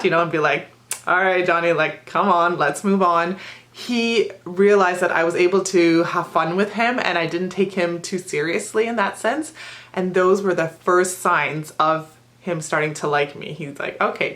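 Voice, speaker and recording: Lively woman teacher, lowish voice. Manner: lively storytelling, acts out students and herself. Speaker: ESL teacher. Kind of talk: teaching tips video.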